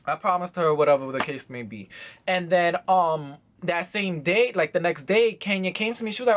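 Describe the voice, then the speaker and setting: A young man telling an animated, slang-filled story for his vlog. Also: high voice, a little fast. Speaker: vlogger.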